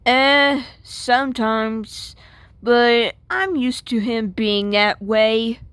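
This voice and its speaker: A woman's voice: fairly high pitch, extremely slow, fairly bright tone, clean tone, no room sound. A woman voicing an exasperated young female washing machine girlfriend in a comic strip, sassy and fed up.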